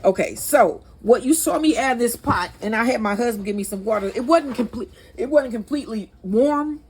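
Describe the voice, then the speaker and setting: A woman's voice: a little high, animated, normal speed, darkish tone, slightly rough. Chatty St. Louis woman cooking. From St. Louis, USA. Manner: chatty, addresses viewers as y'all, laughs at herself. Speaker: cooking channel host. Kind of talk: casual cooking demonstration. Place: home kitchen. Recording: noisy home recording.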